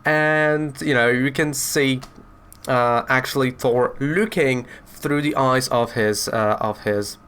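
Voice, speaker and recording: A man's voice: mid-range voice, takes it slowly, fairly bright tone, smooth. A man casually reviewing a comic book, chatty and rambling as he retells the story.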